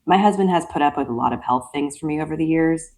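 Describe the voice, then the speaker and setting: A woman's voice: low-pitched, fast, a little mellow. A woman co-hosting a book club podcast, chatting casually and sharing personal stories. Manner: personal, anecdotal. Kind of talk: casual chat.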